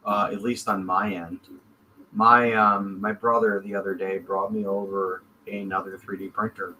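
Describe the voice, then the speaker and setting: An American man co-hosts a casual podcast from a home room filled with 3D printers, his lowish voice level and sharp at a moderate pace. His talk rambles easily along with plenty of fillers. The audio quality is poor.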